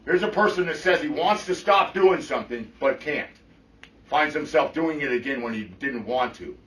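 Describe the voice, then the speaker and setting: Man, middle-aged, recovery meeting testimony, blunt, profane, bright forceful voice, roomy echo. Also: a little high, lively intonation, normal speed. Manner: blunt and profane, often checks in with "right?". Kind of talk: personal testimony to a group. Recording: echoey room, mic from far off.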